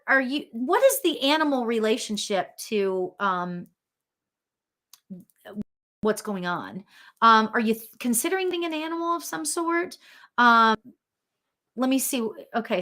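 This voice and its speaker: Bright-voiced, giggly woman medium. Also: on the high side. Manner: chatty and giggly, full of ums and restarts. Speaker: spiritual medium hosting a live show. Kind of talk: casual live-stream reading, answering viewer comments.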